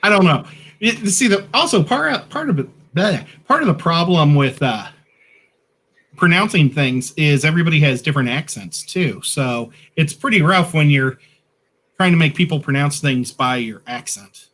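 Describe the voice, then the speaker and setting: A man co-hosting a casual livestream, chatty and quick to laugh. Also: fairly high pitch, lively intonation, fairly bright tone. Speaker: co-host.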